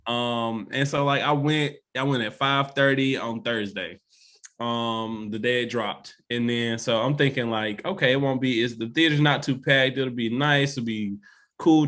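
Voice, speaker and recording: Male co-host, casual podcast chat, easygoing, animated storyteller. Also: mid-range voice.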